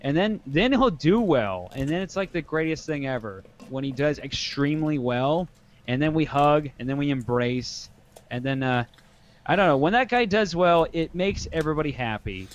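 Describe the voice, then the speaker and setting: Young male comic co-host, cursing freely, a bit high-pitched, muffled lo-fi recording. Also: moderate pace. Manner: profane, animated storyteller. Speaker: podcast co-host. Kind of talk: casual chat.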